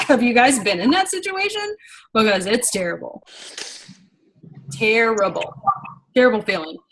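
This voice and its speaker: Young woman giving a rambly excited pep talk to her team, voice jumps up high when she gets worked up, bit of hiss. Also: measured pace, pauses often, low-quality recording. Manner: animated, rambling, rises in pitch when excited. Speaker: business trainer leading a team meeting. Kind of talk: casual motivational training talk.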